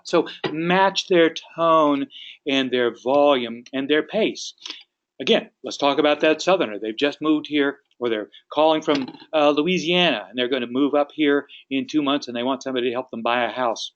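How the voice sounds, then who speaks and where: Male sales trainer, instructive, mid-pitched, dull lo-fi recording. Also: normal speed, a little hiss or hum. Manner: instructive, acts out sample phone calls. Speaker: real estate sales trainer. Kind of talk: training talk.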